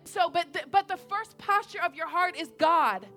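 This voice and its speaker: A young woman preaching a sermon in an animated, conversational way, repeating her points and checking in with the audience. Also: very high voice, moderate pace, faint music behind.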